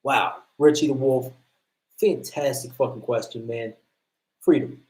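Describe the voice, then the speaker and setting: A man's voice: medium pitch, unhurried, a little mellow. An American man hosting a livestream, chatting and telling stories in a blunt, profane way. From United States. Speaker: livestream host, combatives trainer. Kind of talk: casual livestream chat. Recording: roomy echo.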